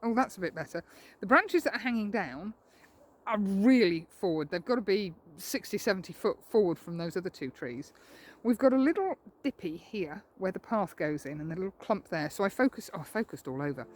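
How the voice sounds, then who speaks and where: Walking outdoors through woodland and slightly winded, a woman from England narrates her vlog as a landscape photographer, musing aloud with self-deprecating humor. She sounds animated and fairly quick, in a mid-range voice.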